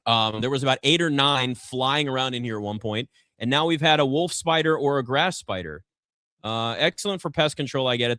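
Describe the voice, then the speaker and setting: A man hosts a casual live sports talk show from a garage set, voice at a middle pitch. He rambles and pokes fun at himself between picks. The sound is dry and close. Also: pushed and bright, clear, resonant tone, no room sound. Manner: chatty, rambling, self-deprecating. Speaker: draft show host.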